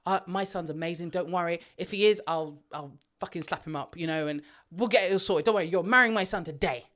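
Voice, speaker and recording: A woman's voice: lowish voice, quick pace, a bit bright, close to an everyday voice. A woman voicing a rich, self-assured older mother-in-law who talks in a soothing, matter-of-fact way. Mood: reassuring.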